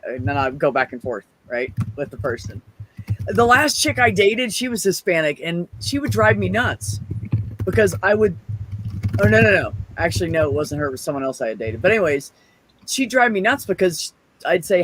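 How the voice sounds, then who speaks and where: Animated, high-voiced man telling stories. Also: brisk. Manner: animated storyteller, acts out quoted dialogue, swears casually. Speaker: podcast host. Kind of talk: casual chat.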